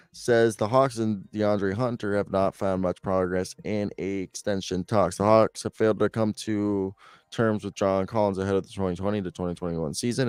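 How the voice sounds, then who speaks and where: A young man with a lowish voice co-hosts a loose sports chat, cracking jokes and breaking into laughter between news items. The sound is dry and close, with no room around it. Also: a little mellow, clear, resonant tone, dry recording. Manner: jokey, laughs often, reads news aloud. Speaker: co-host.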